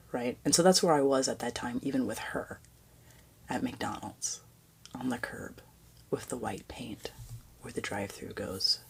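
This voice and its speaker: A woman hosting a spiritual podcast, telling a personal story in a soft, halting way that often sinks to a near-whisper, with many fillers and restarts. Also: extremely low pitch, vocal fry, a little hiss or hum. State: tearful, emotional. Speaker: podcast host.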